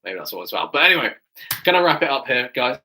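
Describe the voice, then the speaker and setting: Bright, chatty English man. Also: mid-range voice, very animated, fast. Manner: enthusiastic, chatty, keeps adding "right?". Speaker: fitness coach. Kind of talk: live stream Q&A chat.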